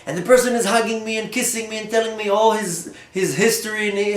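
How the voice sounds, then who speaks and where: A rabbi telling a personal story in an animated way, often repeating and restarting his words. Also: sits high, fast, few pauses, roomy sound. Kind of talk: storytelling talk.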